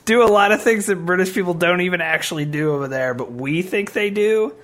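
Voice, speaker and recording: A man's voice: high voice, a little fast, a bit bright. A young American man co-hosting a podcast, giving blunt, laughing banter. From United States. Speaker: podcast co-host. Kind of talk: casual chat.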